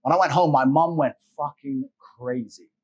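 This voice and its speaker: A man raised in England, a guest in an interview, telling personal stories in a blunt, profane, animated way. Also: mid-range voice, normal speed, husky. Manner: animated, blunt and profane, acts out quoted voices. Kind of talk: fast personal storytelling in conversation. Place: interview set.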